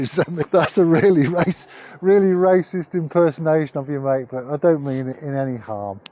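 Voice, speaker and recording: A man's voice: a little high, normal speed, darkish tone. A man vlogging casually outdoors on a cycling trip, chatty and jokey, swearing freely, recorded on a handheld camera. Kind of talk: casual travel vlog.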